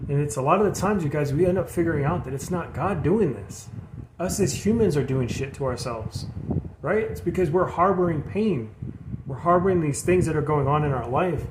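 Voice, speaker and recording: A man with a fairly high voice, speaking at normal speed, gives a casual spiritual tarot reading. He's earnest and rambling, often repeats himself, and calls his viewers "you guys." The room is echoey, with background noise.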